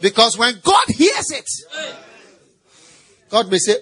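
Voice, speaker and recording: A middle-aged man preaching, his voice riding high and swinging widely in pitch. The tone is husky, and he talks in a playful, animated way, firing questions at the congregation and breaking into animal sounds. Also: slow. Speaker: pastor. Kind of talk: sermon.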